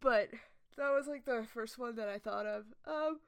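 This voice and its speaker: A woman's voice: a little high, normal speed, vocal fry, clear, resonant tone. A woman co-hosting a casual podcast, sleepy and yawning, agreeing a lot and hesitating with many fillers. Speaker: podcast co-host.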